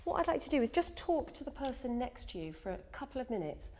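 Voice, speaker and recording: A woman runs a workshop for young actors. She talks in a chatty, self-deprecating way and jumps into quick demonstrations of sounds. A faint hum of the room sits behind her voice. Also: high-pitched, big pitch swings, a little mellow. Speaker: accent coach. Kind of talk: workshop teaching.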